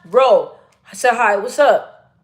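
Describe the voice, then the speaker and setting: A woman's voice: mid-range voice, lively intonation, normal speed. A young woman chatting casually on a livestream, reading viewer comments aloud and laughing often. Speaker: livestream host.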